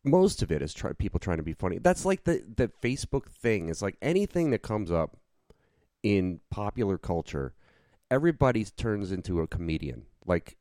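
A man's voice: deep voice, sing-song, moderate pace, dark tone, dry recording, studio quality. A man co-hosting a podcast in casual chat, laid-back and rambling with many fillers. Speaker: podcast co-host.

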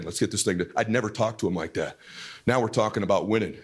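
Ein Mann, der aufgeregt und lebhaft eine Geschichte erzählt, oft flucht und immer wieder laut wird. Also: male voice, fairly low pitch, rapid-fire. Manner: animated, swears freely, bursts into shouting. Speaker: father telling a story. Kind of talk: excited storytelling.

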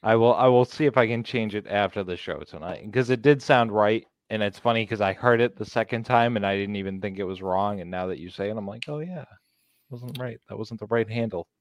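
A man with a very low voice, the producer of a live sports show, talking in an easygoing, agreeable, soft-spoken way. The sound is close and dry. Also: fairly even intonation, fairly quick, hardly any pauses, no echo. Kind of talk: casual live show chat.

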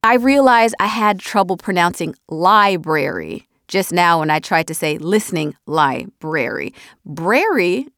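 A woman's voice: on the low side, moderate pace, hardly any pauses, no echo, clean studio sound. A woman in her thirties, an author, chatting casually and animatedly about her audiobook from a recording booth. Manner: animated, chatty, drops softly at the ends of thoughts. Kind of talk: casual reflective chat. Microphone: studio mic.

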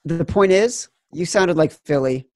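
A man's voice: a little high, measured pace, a little mellow, no room sound, studio quality. A man from the Chicago suburbs hosting a casual sports betting chat, fired up and profane. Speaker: podcast host.

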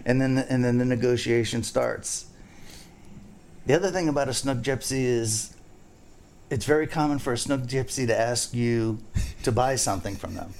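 A man's voice: mid-range voice, normal speed, darkish tone, slight background noise. A man who is a fishing guide, hosting a casual podcast chat and rambling through jokes and stories. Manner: rambling, joking, storytelling.

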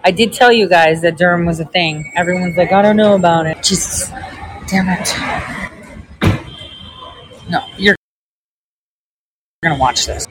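A woman's voice: lowish voice, unhurried, long pauses, fairly bright tone, breathy edge, no echo, rough recording. A middle-aged woman talking to her viewers outdoors at an airport smoking spot, rambling and swearing freely with lots of fillers. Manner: profane, rambling, chatty with frequent fillers. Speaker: livestreamer. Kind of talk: casual rambling chat to viewers.

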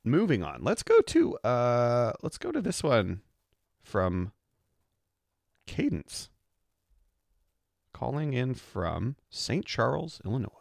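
A man's voice: medium pitch, huge pitch swings, slow, vocal fry, long pauses, darkish tone, no echo, clean studio sound. A man co-hosting a podcast, easygoing and steering the chat from one voicemail to the next. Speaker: podcast co-host. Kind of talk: casual chat.

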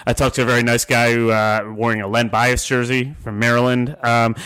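A man's voice: mid-range voice, little pitch movement, brisk, a bit bright, clear, resonant tone, no echo. A man co-hosting a casual podcast, rambling and self-deprecating, with many restarts. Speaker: podcast co-host.

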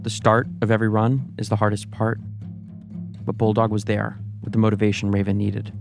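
Low, flat-voiced male narrator. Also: creaky, music in the background. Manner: measured, even storytelling delivery. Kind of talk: scripted documentary narration.

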